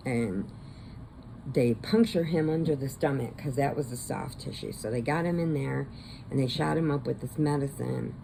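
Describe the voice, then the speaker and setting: Chatty woman vlogger with a low, gravelly voice; rambling movie recap at home. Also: normal speed, warm tone, slight background noise. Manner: rambling, chatty, laughs often.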